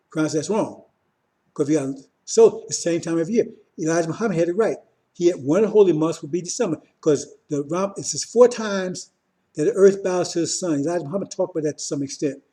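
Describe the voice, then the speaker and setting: A man's voice: fairly high pitch, dark tone. A man giving an informal religious teaching, talking in short repeated phrases and often asking his listeners "see?". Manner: repetitive, keeps asking "see?", restarts often. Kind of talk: informal sermon.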